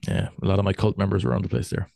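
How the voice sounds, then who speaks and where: Male podcast co-host, lowish gravelly voice, fast deadpan delivery, dry close recording. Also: dry recording. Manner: quick deadpan joking. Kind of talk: casual chat.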